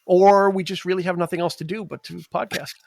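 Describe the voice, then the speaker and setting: A man's voice: high-pitched, steady tone, a little fast, gravelly, a little mellow, no echo, studio quality. A man co-hosting a podcast in a jokey, casual way, often trailing off or restarting. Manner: jokey, talks over others and trails off. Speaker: podcast co-host. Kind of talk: casual chat.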